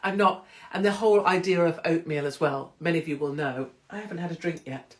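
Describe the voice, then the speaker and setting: Streaming live from home on a phone or computer, an English woman with a British accent hosts her own show. She speaks fairly quickly in a deep voice, keeping the chat casual, irreverent and full of oversharing.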